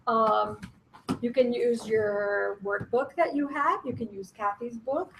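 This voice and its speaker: A fairly high-voiced woman leading a group workshop in a loose, conversational way. She is frank about herself and jokes at her own expense, breaking into laughs often. A faint hiss sits under her voice. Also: takes it slowly, gravelly. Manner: candid, self-deprecating, laughs often. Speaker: workshop facilitator. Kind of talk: conference workshop facilitation.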